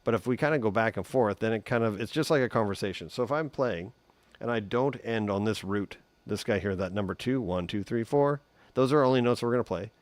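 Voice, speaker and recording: A man giving a relaxed, chatty guitar lesson on a live stream, humming note sounds as he explains. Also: lowish voice, fairly quick, no echo. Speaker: guitar teacher.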